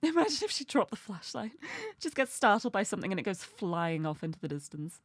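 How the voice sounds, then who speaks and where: A woman's voice: mid-range voice, very animated, fairly quick, no room sound. A bubbly, giggly woman chatting casually while she plays a video game live. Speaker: streamer.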